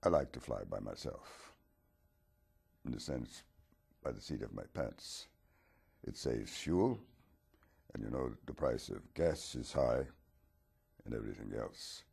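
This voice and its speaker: A man doing Dracula, gravelly and slow. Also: a bass voice, lively intonation, darkish tone, exaggerated voice. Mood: musing. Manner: slow, halting, gravelly and husky. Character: aging male vampire talk-show host, mild and wistful.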